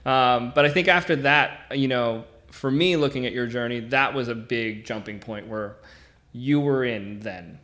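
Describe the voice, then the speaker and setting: A male podcast host speaks at an ordinary, middle pitch. He is encouraging and reflective, praising his guest and looking back on shared moments in easy conversation. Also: moderate pace, bright, forceful tone. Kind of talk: casual conversation.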